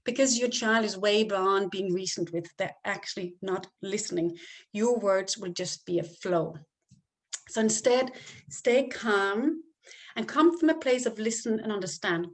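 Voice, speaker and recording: A woman giving calm, step-by-step parenting advice as a coach, sometimes acting out what to say to a child. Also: mid-range voice, a little slow. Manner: calm, explains step by step and acts out example phrases to a child.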